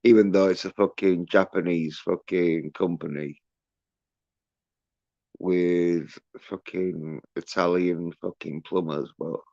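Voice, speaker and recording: A man's voice: sits low, fairly even intonation, slow pace, warm tone, no echo, dull audio. A man hosting a livestream, ranting in a rambling, profane way with many fillers and restarts. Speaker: livestream host.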